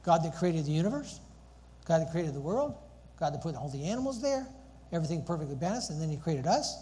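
A man's voice: on the high side, very animated, quick pace, warm tone. A man preaching a sermon in a church hall, earnest and full of rhetorical questions. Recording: long hall reverb, faint background noise.

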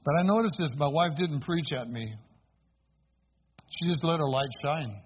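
A man with a fairly high, slightly rough voice speaks at normal speed with lively intonation. He preaches his own conversion story as a sermon testimony, telling it earnestly and calling for replies from the congregation. The audio sounds tinny, like a phone.

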